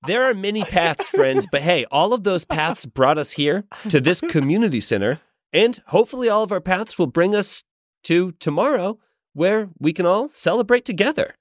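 A man playing a smooth-talking, charismatic self-help pastor in an improvised comedy role-play, with an oily, overly friendly pitchman delivery. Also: animated, moderate pace, no echo, studio quality. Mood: smarmy.

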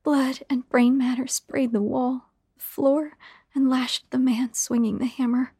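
A woman narrating a first-person horror story in a hushed, half-whispered delivery. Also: sits high, level tone, unhurried, slightly rough, no echo, studio quality.

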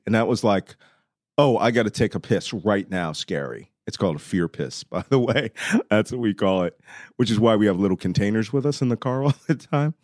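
A middle-aged man telling war stories as a podcast guest, lively and laughing often as he acts out the dialogue. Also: fairly low pitch, no echo, clean studio sound. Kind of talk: animated war storytelling.

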